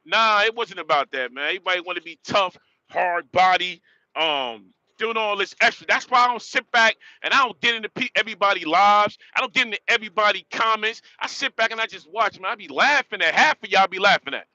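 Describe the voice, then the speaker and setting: A man's voice: high-pitched, expressive, brisk, bright, forceful tone, dry recording, muffled recording. A man in his late forties from northern New Jersey, ranting emphatically in street slang while livestreaming from his truck cab. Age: 40s. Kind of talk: casual livestream rant.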